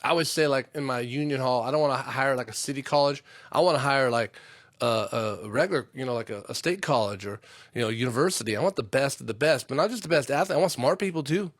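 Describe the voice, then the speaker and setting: A man's voice: medium pitch, quick pace, no echo, clean studio sound. Profane, rambling man hosting a podcast. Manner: profane, lots of fillers. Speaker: podcast host and union tradesman. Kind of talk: casual rambling monologue.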